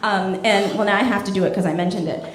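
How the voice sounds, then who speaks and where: A woman doing a stand-up set in a comedy club, animated and acting out characters in her stories. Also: medium pitch, fast talker. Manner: animated, acts out characters in quotes. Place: comedy club stage with live audience. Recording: echoey club with loud crowd laughter.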